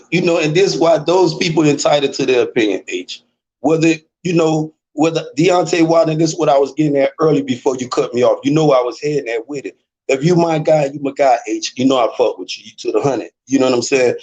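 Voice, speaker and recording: A man's voice: on the high side, a little fast, darkish tone, husky. A man with a Memphis accent talking in a rambling, laid-back way during a casual debate. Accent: Memphis, Southern US. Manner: rambling, laid-back, fillers like you know what I'm saying. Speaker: co-host, debate guest. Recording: muffled lo-fi audio.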